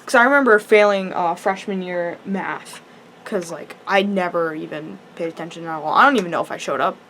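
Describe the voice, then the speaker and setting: A woman's voice: fairly low pitch, brisk, a bit bright, a little hiss or hum. Chatty rambling teenage girl. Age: teens. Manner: rambling, chatty, full of "like" and restarts. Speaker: high school student. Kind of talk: casual storytelling vlog.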